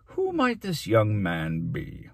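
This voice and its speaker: Man playing a pompous booming mayor. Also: huge pitch swings, slightly rough, no echo, full character voice. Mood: falsely polite. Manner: booming, drawn-out scolding. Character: pompous stern male city mayor, quick-tempered.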